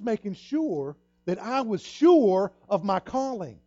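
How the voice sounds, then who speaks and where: A man's voice: high-pitched, animated, normal speed, hardly any pauses, mellow, dry recording, lo-fi sound. A middle-aged male pastor preaching a sermon, telling a personal story with earnest repetition and acting out the voices in it. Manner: earnest storytelling, repeats himself, acts out quoted dialogue.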